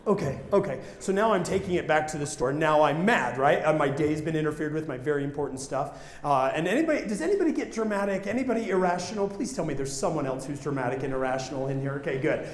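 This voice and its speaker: A man gives a storytelling sermon, chatting and throwing questions out to the audience. His voice sits fairly high for a man. It rings through a large hall with long reverb and a faint ambient hum. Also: quick pace, hardly any pauses. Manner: conversational, asks the crowd questions. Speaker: preacher.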